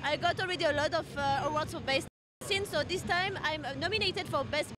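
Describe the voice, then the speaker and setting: A woman from France with a French accent, speaking halting English in a red-carpet interview. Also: high-pitched. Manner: halting English, searching for words. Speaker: interview guest. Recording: noisy outdoor crowd.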